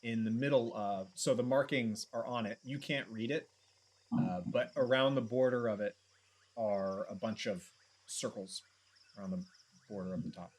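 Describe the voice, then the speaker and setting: A man narrating as dungeon master, describing scenes in a halting way with many pauses and restarts. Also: fairly low pitch. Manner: halting, full of ums and restarts. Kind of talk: describing scenes in a tabletop game.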